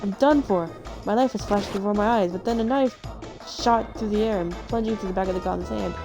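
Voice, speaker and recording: A woman's voice: medium pitch, brisk, music in the background. A woman streamer reading a game's story aloud, breaking off for playful, chatty asides. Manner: playful, chatty asides between read lines. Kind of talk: casual read-aloud with asides.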